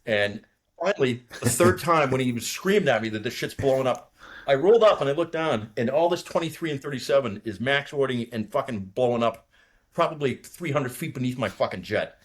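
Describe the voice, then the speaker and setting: A man's voice: medium pitch, lively intonation, brisk. A man in his sixties from outside Boston, a retired fighter pilot telling war stories in casual, profane talk and acting out radio calls. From outside Boston, USA. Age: 60s. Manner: profane, laughing storyteller who acts out radio calls.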